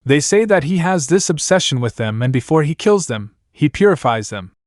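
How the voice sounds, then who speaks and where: A man's voice: fairly high pitch, expressive, moderate pace, dry recording, studio quality, pitched above the performer's own voice, lightly acted. Man voicing a teasing young woman. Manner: teasing, playful.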